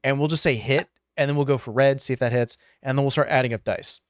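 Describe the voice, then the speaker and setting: Man calmly running a dice game, dry sound. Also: medium pitch, fast, clear, resonant tone, no room sound. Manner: relaxed, explaining rules and calling turns. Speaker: game master. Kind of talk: running a tabletop game, casual.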